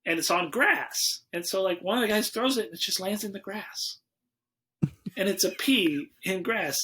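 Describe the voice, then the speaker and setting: A man's voice: sits high, moderate pace. A man hosting a casual movie podcast, telling stories and acting out quotes in exaggerated voices. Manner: animated storyteller, acts out quotes in exaggerated voices. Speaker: podcast host.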